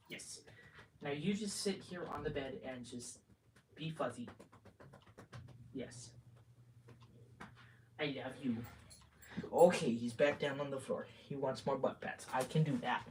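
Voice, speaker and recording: A woman's voice: a bass voice, measured pace, pauses often, darkish tone, a little hiss or hum. A woman with a Minnesotan accent chatting on a casual livestream from home, cooing affectionately at her cat between chatty asides. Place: home room.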